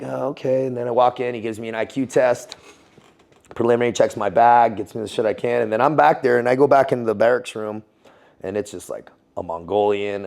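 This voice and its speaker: A man's fairly low, creaky voice with a darkish tone tells a story during a casual interview. The guest is a former Navy SEAL and Foreign Legionnaire whose talk is slangy and swear-filled, with frequent laughs.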